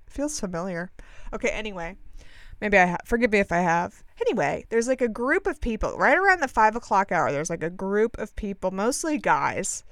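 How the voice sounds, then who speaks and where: A woman's voice: mid-range voice, no room sound. A young woman telling a long story to her listeners in a casual, chatty way, acting out what people said and correcting herself as she goes. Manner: chatty, animated, acts out quoted dialogue, frequent fillers and self-corrections.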